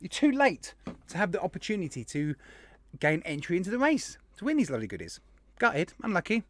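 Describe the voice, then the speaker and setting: Lively man hosting a livestream. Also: high-pitched, brisk, no echo. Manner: chatty, rambling, greets chat by name. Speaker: livestream host. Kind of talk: casual livestream chat.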